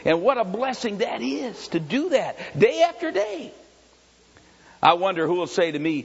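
A man's voice: very animated, moderate pace, gravelly, slightly rough. Man preaching in an echoing hall. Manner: swings from low, quiet storytelling to loud shouted preaching. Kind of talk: sermon. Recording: dull lo-fi sound with long hall reverb.

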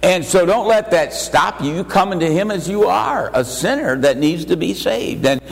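Older male pastor, sermon, emphatic delivery, slightly high voice, long hall reverb. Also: lively intonation, gravelly. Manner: emphatic preaching with rising, slowed lines.

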